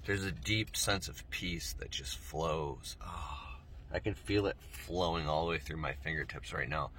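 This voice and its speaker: A middle-aged man talking slowly and softly to his viewers about spirituality, meandering and yawning as he goes. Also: rumbling low, slight background noise. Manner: slow, soft, meandering, pauses often. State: yawning, tired. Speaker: spiritual vlogger. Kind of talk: casual spoken talk to camera.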